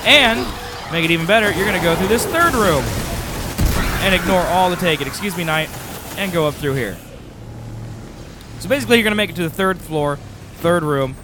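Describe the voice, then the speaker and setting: A man's voice: sits high, animated, moderate pace, long pauses, background noise. A man giving a casual gameplay walkthrough, with wry, sarcastic asides. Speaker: game guide host.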